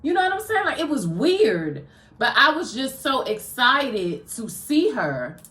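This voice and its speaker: A woman co-hosting a podcast, telling an emotional family story in an animated, dramatic way. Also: sits high, measured pace, echoey room. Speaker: podcast co-host.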